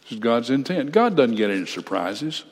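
An older man preaching a sermon, reading scripture slowly and breaking off for folksy, blunt asides. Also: mid-range voice, very animated. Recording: reverberant hall.

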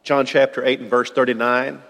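A man's voice: medium pitch, little pitch movement, normal speed, a bit bright, in a large hall. A man preaching a sermon, earnest and given to repeating words as he builds a point.

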